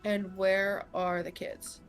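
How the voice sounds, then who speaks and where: A woman with a mid-range voice plays in a tabletop game, speaking casually and a little tentatively. She pauses on ums as she thinks through her moves. Faint music sits in the background. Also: medium pitch, level tone. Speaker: player.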